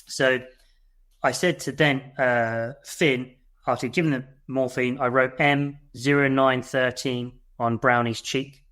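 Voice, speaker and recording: Taking it slowly in a steady, mid-range voice, a British veteran shares a war story as a podcast guest. He's blunt and profane, reproducing the shouts he once made.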